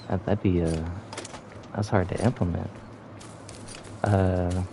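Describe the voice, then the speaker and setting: A man's voice: low-pitched, fairly even intonation, slow, gravelly, long pauses, noisy background. A young man streaming a game, giving laid-back casual commentary and humming between remarks.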